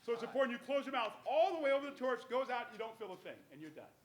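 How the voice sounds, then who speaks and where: A man's voice: extremely high pitch, sing-song, racing, roomy sound, slight background noise. A man performing as a stage magician, talking volunteers through a trick step by step with coaxing commands and jokes, at a live venue. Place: live cafe stage with audience.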